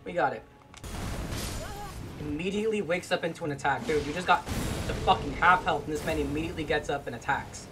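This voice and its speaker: A gamer giving let's play commentary, swearing often, grumbling low and then breaking into frustrated yells at the game. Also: a little fast, pauses often, background noise. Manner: profane, frustrated, bursts into yells. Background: game music.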